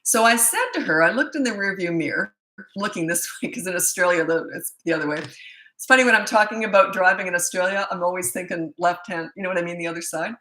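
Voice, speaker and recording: A woman's voice: on the low side, quick pace, bright, forceful tone. Blunt chatty woman parenting coach. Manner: blunt, chatty, storytelling with asides. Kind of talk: casual Q&A answering viewer questions. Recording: echoey room.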